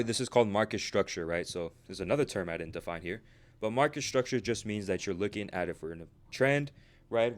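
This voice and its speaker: A man with a low voice teaching a casual video lesson at a rapid clip. He is chatty and keeps checking in with "right?" after each point, sounding slightly out of breath. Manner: fast, chatty, says "right?" constantly. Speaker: trading instructor.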